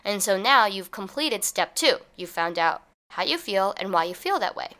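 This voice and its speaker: A woman's voice: medium pitch, sing-song, normal speed, fairly bright tone. A woman hosting a solo advice podcast, talking casually and acting out everyday scenes in little quoted voices. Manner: casual, conversational, with "like" and "kinda". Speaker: podcast host.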